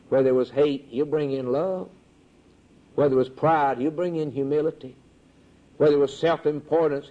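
A man preaching a sermon with a rhythmic, repetitive cadence and sudden swings in pitch. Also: mellow. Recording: dull lo-fi recording.

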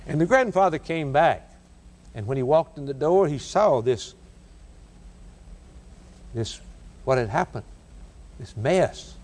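A man preaching a sermon, telling stories dramatically and building cadenced lists, with big swings in pitch and pace. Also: animated, slow, pauses often, darkish tone.

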